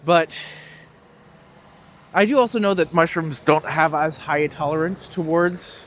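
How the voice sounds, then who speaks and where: A man's voice: a little high, a little slow, fairly bright tone, a little hiss or hum. A young man streaming a walking tour outdoors in the cold, chatting casually and answering viewers' questions with jokes. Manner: casual, joking, reads out and answers chat questions. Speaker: tour guide. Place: outdoors on cold city streets.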